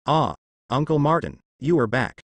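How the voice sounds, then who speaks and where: A polite, eager little robot girl from a storybook, as a male narrator reads her lines. The delivery is lively and close, with a dry sound. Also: medium pitch, moderate pace, no echo. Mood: chirpy.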